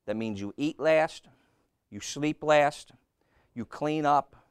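A man's voice: on the high side, slow, clean tone, no echo, studio quality. A man preaching a sermon in an emphatic way, often repeating his phrases.

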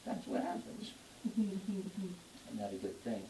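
Preacher, animated and jokey, builds to loud emphasis; roomy church echo, mic set back, faint hiss. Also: mid-range voice, slow, far from the mic. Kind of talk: sermon. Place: church before a congregation.

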